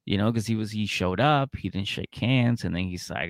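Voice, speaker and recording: A low-pitched man with a gravelly, creaky voice recaps a reality show for a podcast, cursing freely and slipping into other people's lines as he tells it. The sound is close and dry, with no room around it. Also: normal speed, hardly any pauses, no room sound. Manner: profane storytelling that acts out other people's lines. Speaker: podcast co-host.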